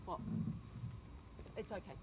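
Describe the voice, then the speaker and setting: Speaking slowly over a very noisy recording, an older British woman shares chatty stories from a conference stage. She holds a handheld microphone as a panelist, mixing in laughs and side comments.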